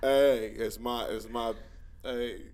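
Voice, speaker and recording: A man's voice: medium pitch, steady tone, slow pace, darkish tone. A man in casual chat who rambles in slang, repeating his fillers.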